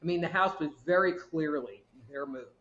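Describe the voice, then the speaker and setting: A woman's voice: low-pitched, normal speed, fairly bright tone. A woman guest tells a rambling personal story, slipping into the voices she quotes. Her voice sounds muffled and dull, as if recorded in a roomy, echoey space. A faint hiss runs underneath. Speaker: guest, medical intuitive. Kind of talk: casual storytelling chat.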